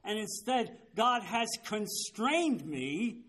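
Seventies male pastor, high-pitched, emphatic sermon delivery, keeps checking listeners follow. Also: very animated, slow, fairly bright tone, slight background noise. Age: 70s. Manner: emphatic, keeps asking "you understand?". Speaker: pastor leading a Bible study. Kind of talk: sermon-style Bible teaching.

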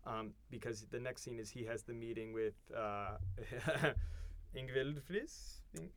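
A man's voice: medium pitch, fairly even intonation, fairly bright tone. Man rambling through a recap. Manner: rambling, halting recap full of ums and restarts. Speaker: podcast co-host. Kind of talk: casual chat recapping an episode.

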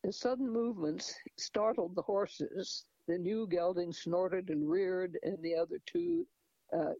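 Gravelly man reading slowly. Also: on the high side, mellow, dry recording. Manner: hesitant, with restarts and asides. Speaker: reader. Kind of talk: reading a novel aloud. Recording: dull lo-fi recording.

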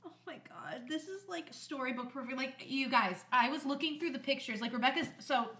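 Animated young woman telling a story. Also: high-pitched, fairly quick. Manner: animated, acts out quoted dialogue, laughs often. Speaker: podcast co-host. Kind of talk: casual chat, storytelling. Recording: echoey room.

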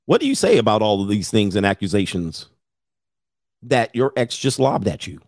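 A man's voice: on the low side, darkish tone, dry recording, studio quality. A middle-aged man giving blunt, profane advice in a casual talk, often mimicking others in a raised voice. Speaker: podcast host giving advice.

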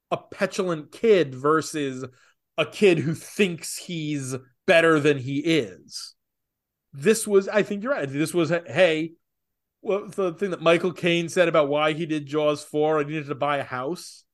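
A man co-hosting a casual podcast, talking opinionatedly with rapid asides. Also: fairly high pitch, fairly bright tone. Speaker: podcast co-host. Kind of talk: casual comics podcast chat.

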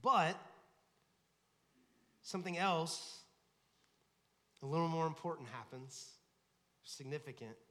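Bright-voiced man preaching in a reverberant hall. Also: on the high side, slow pace, long pauses. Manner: conversational preaching, acts out quoted voices. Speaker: lead pastor. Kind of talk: sermon. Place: church sanctuary.

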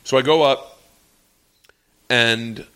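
A man in his forties telling a long comedy story in casual chat, animated and profane, often laughing. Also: medium pitch, slow. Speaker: comedian guest.

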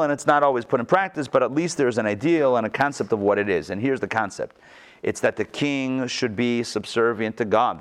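A man teaching a text-study class at a mid-range pitch, talking conversationally. He keeps asking his listeners rhetorical questions. His pitch swings up and down for emphasis.

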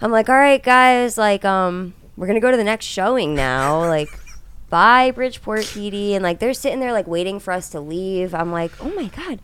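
A woman's voice: medium pitch, moderate pace, slight background noise. A young woman, a podcast co-host who tells a story in casual chat, acting out the voices of the people in it and laughing often. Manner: animated, acts out voices in quotes, laughs often.

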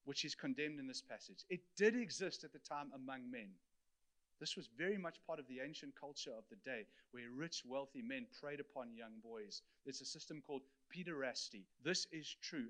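A man's voice: fairly high pitch, a bit bright. A man preaching an earnest teaching sermon, explaining scripture and speaking directly to his congregation.

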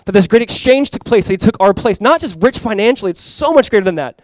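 A man's voice: high voice, lively intonation, quick pace, no room sound. A man preaching a sermon as pastor, conversational and emphatic, talking to the congregation and inviting them to respond. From California.

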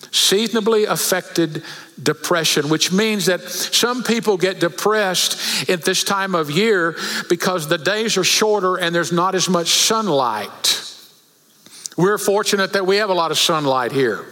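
A man preaching a sermon to a church congregation, telling stories and slowing down for scripture. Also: high voice, pushed and bright, in a large hall, rough recording. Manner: storytelling, slows for scripture. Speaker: pastor. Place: church sanctuary.

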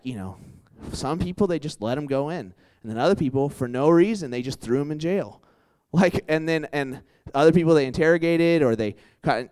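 A young man preaching in a loose, conversational way, full of "like"s and quick restarts. His voice is clean and resonant at a middle pitch. He slips in and out of other people's voices when he tells a story. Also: darkish tone, smooth. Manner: conversational, lots of "like" and restarts, acts out quotes. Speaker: campus ministry preacher. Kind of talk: casual sermon with anecdotes.

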